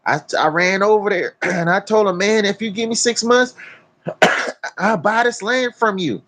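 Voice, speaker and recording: A man's voice: high-pitched, unhurried, fairly bright tone, voice pushed up. A man imitating a folksy rural landowner. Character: plain-talking rural male landowner, easygoing.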